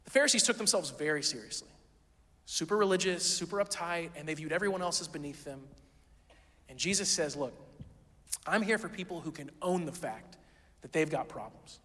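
A man's voice: on the high side, a little fast, bright, forceful tone, long reverb tail. A man preaching a sermon as pastor, in a casual, conversational way full of rhetorical questions.

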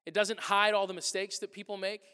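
Male pastor, animated storyteller, high voice, recorded in a reverberant church hall. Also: brisk, smooth. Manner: animated storytelling, acting out exchanges with loud bursts. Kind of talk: sermon. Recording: long reverb of a large hall.

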